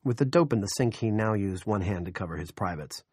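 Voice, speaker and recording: A man with a low, fairly deep voice narrating an audiobook in a steady, wry storytelling manner. The recording is close and dry, with no room sound. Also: a little fast, breathy edge, no echo. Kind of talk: scripted narration.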